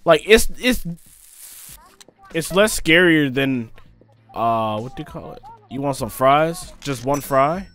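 Excitable young gamer man. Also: medium pitch, takes it slowly, pauses often, soft background music. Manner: excitable, slangy, yelping when scared. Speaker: gaming streamer. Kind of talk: let's play commentary.

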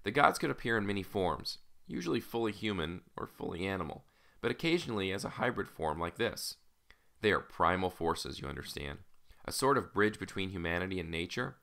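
A man reading an audiobook, voicing a calm, formal older uncle who explains patiently and gently guards what he knows. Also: low voice, a little fast, creaky, exaggerated voice. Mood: explaining. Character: calm, measured older male mentor, an uncle. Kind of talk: audiobook character voice.

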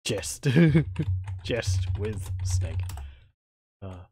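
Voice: deep voice, extremely slow, mellow, breathy edge. A streamer doing let's play commentary, thinking aloud, speaking typed game commands and chuckling. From Australia.

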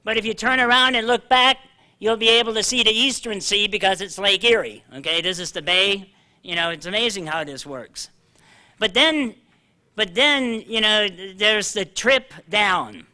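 An older man preaching a sermon, animated and joking at himself, slowing down to read scripture aloud. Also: high voice. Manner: animated, self-deprecating, reads scripture slowly. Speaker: pastor. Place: church hall.

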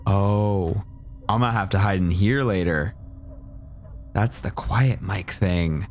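Low-voiced man joking through a horror game. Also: slow, slight background noise. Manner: joking, swears a lot, drops into whispers. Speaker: gaming streamer. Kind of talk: horror game let's play commentary. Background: game music.

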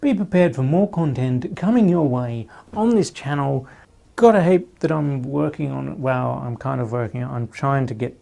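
A man chatting casually in a vlog from a small room at home, rambling in a relaxed way with fillers. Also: mid-range voice, moderate pace, vocal fry, soft background music. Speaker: YouTuber.

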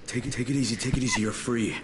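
A man plays a calm male survivor hero in a video game. He talks in an even, reassuring way. His lines carry a long reverb in the game audio, and a faint hiss sits behind them. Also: mid-range voice, racing, natural voice. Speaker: game character. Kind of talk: game cutscene dialogue.

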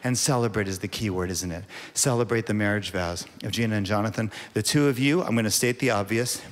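A man's voice: fairly low pitch, brisk, natural voice. A man putting on an impersonation of a famous rock-and-roll singer as a showy wedding officiant in a Las Vegas chapel, hyping the crowd with emcee patter. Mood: ceremonial. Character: impersonator of a rock-and-roll singer, swaggering showman crooner. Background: loud rock and roll backing music.

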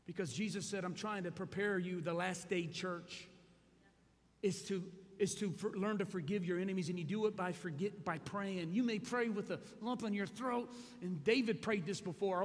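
A male pastor preaching a sermon, moving from hushed storytelling to shouted exhortation. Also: high-pitched, normal speed. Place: large church hall. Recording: echoey hall.

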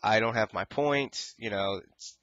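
Frustrated young man ranting, bright voice. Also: lowish voice, a little slow, lo-fi sound. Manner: frustrated, rambling, quotes others in exaggerated voices. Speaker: gaming YouTuber. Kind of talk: casual ranting vlog.

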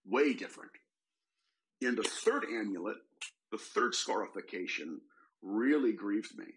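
A man, a demonologist guest in a podcast interview, telling a case story in an animated way and quoting the people in it. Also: lowish voice, poor audio. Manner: animated, retells a case with quoted voices.

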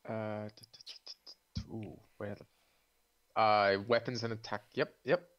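A man's voice: lowish voice, steady tone, a little slow, a bit bright, dull audio. A man playing in a tabletop game, answering in brief casual replies with stutters. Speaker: player. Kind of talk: casual chat.

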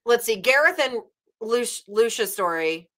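A young Nashville woman with a Southern accent retells a story at her casual book club, rambling and leaning on fillers. Her voice is on the high side and fairly bright, with lively intonation and a slightly slow pace.

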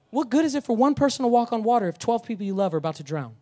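High-voiced, lively casual preacher man. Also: racing. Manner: casual, energetic preaching with humor and slang. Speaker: pastor. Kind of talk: sermon.

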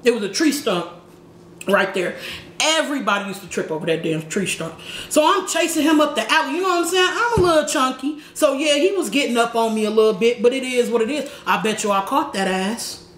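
A woman vlogger telling a slangy, animated story while eating, with shouted sound effects. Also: a little high, brisk. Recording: echoey room with faint background noise.

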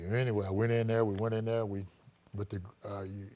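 Speaking a little fast with a fairly low pitch, a middle-aged man who used to be an athlete shares his story in an easygoing interview. He says "you know" constantly and performs the quotes he recounts.

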